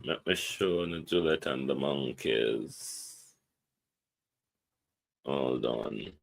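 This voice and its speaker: A man's voice: a bass voice, drawn-out words, creaky. A man with a Jamaican accent hosting a casual live stream, greeting viewers by name and reading out a contact number. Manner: reads out viewer names and a phone number, chats loosely. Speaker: livestream host. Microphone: phone or computer mic on a live stream.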